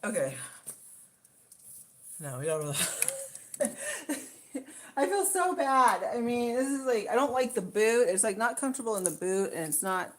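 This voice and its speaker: A woman's voice: on the high side, sing-song, normal speed. A middle-aged woman chatting casually on her livestream, rambling and out of breath, thanking viewers by name. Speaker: livestream host.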